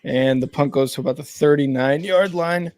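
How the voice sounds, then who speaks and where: Calling plays as they unfold, this male co-host of a live game watch-along talks casually and rambles, full of fillers, restarts and self-corrections. He sits on the high side, with a darkish tone and a moderate pace.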